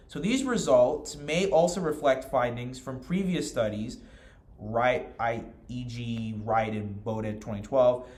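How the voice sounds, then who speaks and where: A young man walks through his class presentation in a steady, earnest voice at an everyday middle pitch. He often restarts his sentences and leans on fillers. The room around him rings with a noticeable echo. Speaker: student presenter. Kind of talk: class presentation, reading notes then explaining.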